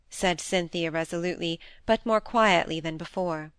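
A woman narrating a classic novel in a measured, plain reading. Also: on the low side, fairly even intonation, fairly bright tone, clean tone, no echo. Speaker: audiobook narrator. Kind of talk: scripted narration.

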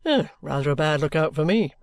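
A man voicing a bluff, steady middle-aged ex-soldier who talks plainly and good-humouredly. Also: fairly high pitch, fairly quick, vocal fry, no echo, pitched below the performer's own voice.

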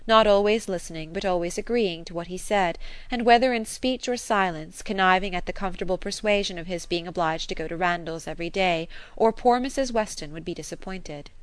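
A woman reading a classic novel aloud as narrator, measured and expressive. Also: on the low side, clear, resonant tone, dry recording. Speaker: audiobook narrator. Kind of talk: scripted narration.

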